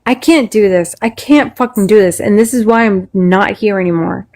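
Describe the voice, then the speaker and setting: A woman's voice: mid-range voice, moderate pace, a little mellow. An angry woman in a heated live-stream argument, swearing constantly as she vents. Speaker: panel speaker.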